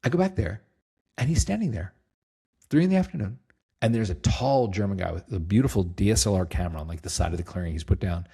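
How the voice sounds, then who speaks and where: A middle-aged man speaks as an interview guest with a husky, slightly low voice. He tells stories in a relaxed, lively way, acting out other people's lines and laughing easily. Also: fast. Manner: lively storyteller, acts out quotes, laughs easily. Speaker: guest, company CEO. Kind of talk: casual storytelling interview.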